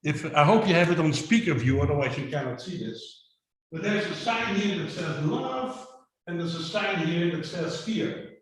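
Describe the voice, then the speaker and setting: A man's voice: fairly high pitch, lively intonation, normal speed, reverberant, rough recording. A man giving a motivational talk to a video call audience, explaining with simple images and rhetorical questions. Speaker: summit speaker.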